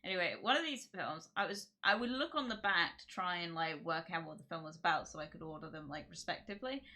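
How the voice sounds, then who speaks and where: A woman's voice: on the low side, lively intonation, quick pace, sharp tone. A woman hosting her livestream, chatting casually and rambling with giggles and restarts. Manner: rambling, giggly, self-interrupting. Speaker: streamer host.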